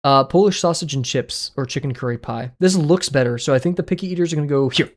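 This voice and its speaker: An art livestreamer with a fairly high voice chats fast and casually while playing web games on stream, reacting aloud with sudden yelps and mumbled asides.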